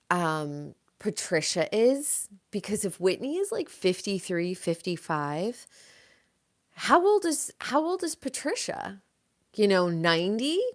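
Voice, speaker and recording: Young woman host, laid-back pace, gossipy casual chat, swears freely. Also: medium pitch. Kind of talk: casual chat about reality TV.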